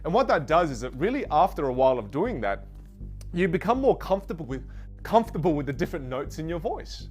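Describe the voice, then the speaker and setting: A man teaching an online voice course, animated and playful, showing pitches from low to high. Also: fast, faint music behind. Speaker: voice coach.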